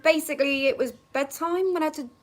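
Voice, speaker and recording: Young woman, slightly high voice, casual balcony vlog storyteller with a quick laugh. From England, Norfolk. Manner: chatty, laughs often, acts out remembered lines. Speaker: vlogger. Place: outdoors on a balcony.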